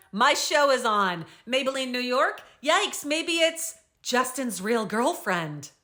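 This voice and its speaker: A woman's voice: high voice, sharp tone. A young woman host recapping and reading out social media comments in an upbeat, bubbly way.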